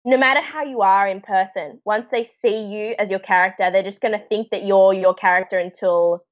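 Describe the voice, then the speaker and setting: A woman, a guest telling stories in a loud, animated way during a casual chat from home. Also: mid-range voice, moderate pace. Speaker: guest actor. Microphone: video call. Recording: dull lo-fi video-call audio.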